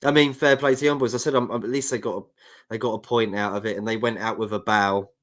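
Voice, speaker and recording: A fast-talking co-host on a casual football podcast, he has a London accent and a fairly low, steady voice. Between bits of banter, he reads viewer comments out loud.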